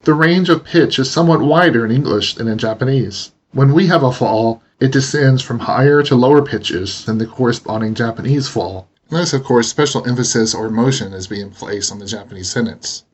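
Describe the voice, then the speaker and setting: A man teaching pronunciation in a steady, explanatory narration. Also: mid-range voice, brisk, hardly any pauses, husky. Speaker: language teacher. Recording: dull lo-fi voice recording.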